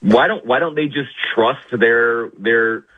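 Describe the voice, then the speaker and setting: A man's voice: medium pitch, takes it slowly. A man calling in as a weekly guest on sports radio, in casual banter with mock-humble sarcasm, over a phone line.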